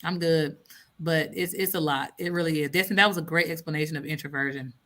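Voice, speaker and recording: A woman's voice: sits low, fairly even intonation, fast talker, pushed and bright. A woman in her thirties hosting a casual live stream, reading out comments and acting out her own thoughts with lots of laughter.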